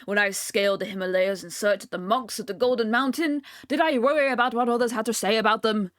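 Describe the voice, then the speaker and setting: A woman's voice: on the high side, fast talker, a bit bright, dry recording, clean studio sound, lightly acted. A woman voicing a pompous old male explorer with a put-on British accent, blustering and grandiose. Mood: indignant. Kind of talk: stream read-along voice acting.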